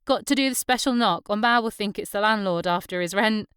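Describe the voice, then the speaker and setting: A woman voicing Susan, a bold, chatty young local woman who talks in a brash, lively way. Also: mid-range voice, a little fast, clear, resonant tone, no echo, clean studio sound, natural voice. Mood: brisk.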